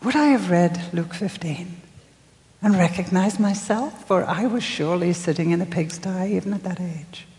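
An older woman giving a sermon, telling her story softly with dramatic pauses and acting out the voices she quotes. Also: fairly low pitch, big-room sound. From England. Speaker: speaker.

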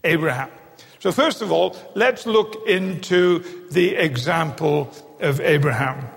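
A man preaches a sermon emphatically, repeating key phrases for stress, in a large church hall with long reverb. His voice is on the high side and gravelly, with a measured pace.

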